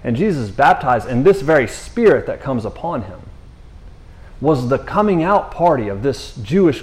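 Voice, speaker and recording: Man preaching in a loose, slangy way. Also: mid-range voice. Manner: slangy, conversational, restarts often. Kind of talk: casual sermon.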